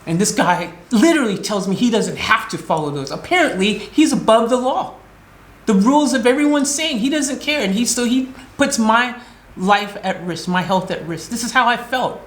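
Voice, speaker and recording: A woman's voice: on the high side, lively intonation, normal speed. An American woman vlogging, telling an upsetting story in an agitated, emotional way and acting out her own replies. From United States. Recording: roomy echo.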